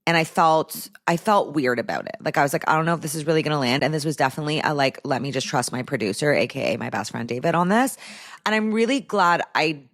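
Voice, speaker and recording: Woman, low voice, podcast host, casual candid chat, frequent "like" fillers, close microphone. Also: expressive, a little fast. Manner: chatty and candid, heavy use of "like".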